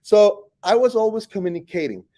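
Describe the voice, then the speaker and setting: A man from Costa Rica with a Costa Rican Spanish accent, a teacher telling his life story in an animated, rambling way full of self-corrections. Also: high-pitched, fairly quick. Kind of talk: personal storytelling interview.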